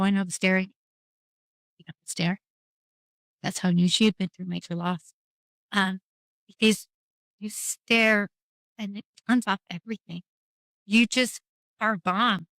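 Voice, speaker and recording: A middle-aged woman with a medium-pitched voice, recorded without echo, appears as a podcast guest discussing grief candidly. Wry and frank, she rambles through her story using lots of quoted dialogue.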